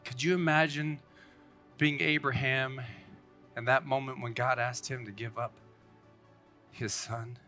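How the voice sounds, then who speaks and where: A man's voice: medium pitch, fairly even intonation, unhurried, pauses often, pushed and bright, soft background music. A man in his thirties giving an informal, earnest sermon, rambling with many restarts.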